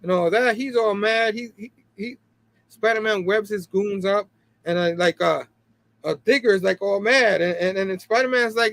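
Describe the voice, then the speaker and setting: A man hosting a casual comic book talk show, chatty and animated, often laughing and asking "you know what I mean". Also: sits high, moderate pace, creaky. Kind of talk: casual chat.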